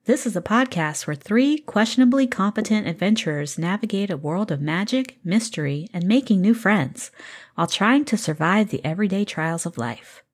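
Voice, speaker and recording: A woman's voice: mid-range voice, animated. A woman hosting a tabletop game podcast as its game master, reading the intro and chatting playfully with the players. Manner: playful, quick asides. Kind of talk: podcast intro and casual chat.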